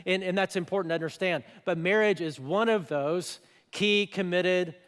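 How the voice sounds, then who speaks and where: A man preaching to a church in a conversational, animated way, breaking into little voiced asides. His voice sits fairly high for a man. The sound carries the long reverb of a large church auditorium. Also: normal speed, clear, resonant tone. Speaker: pastor. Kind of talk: sermon.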